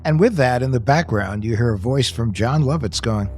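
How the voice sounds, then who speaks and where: A man's voice: mid-range voice, moderate pace, faint music behind. A man hosting a podcast about hackers and scams, bantering playfully and then interviewing his guest. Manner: playful, lively host banter. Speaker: host.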